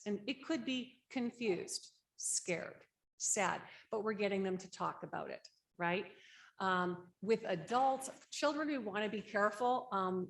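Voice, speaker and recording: Speaking a bit slowly in a mid-range voice, a woman guides a conference room workshop on supporting people through grief. Her explanation of each step is hands-on and chatty, punctuated by frequent "right?" check-ins.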